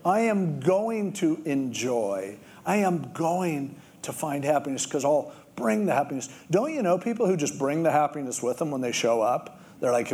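A middle-aged male pastor preaching in a conversational, storytelling way. His voice is mellow and a little higher than most men's, and it swings widely in pitch as he slips into other people's voices. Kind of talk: sermon.

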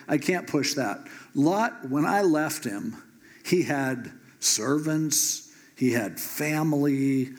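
Man, preacher, humorous Bible storytelling, slightly high voice. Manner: casual, joking, animated.

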